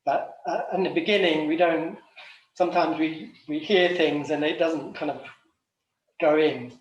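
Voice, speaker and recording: A man's voice: fairly high pitch, a little slow, highs cut off, a little hiss or hum. English man, chef, rambling casual talk, restarts often, distant mic, roomy echo. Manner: rambling, many ums and restarts. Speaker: macrobiotic chef and retreat director. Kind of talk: casual reflective talk at an online forum.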